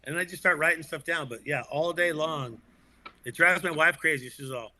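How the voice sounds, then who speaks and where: A man with a very bright, forceful voice, pitched a little high for a man. He co-hosts a casual sports talk show, speaking in an animated way, laughing often and restarting sentences. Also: normal speed. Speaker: podcast co-host.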